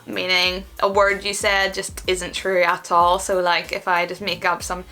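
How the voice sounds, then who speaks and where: A young Northern Irish woman chatting quickly as a vlogger in her bedroom, full of fillers. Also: mid-range voice, completely flat delivery, sharp tone, clean tone. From Northern Ireland. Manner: chatty, rapid, lots of fillers. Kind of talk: casual explainer vlog.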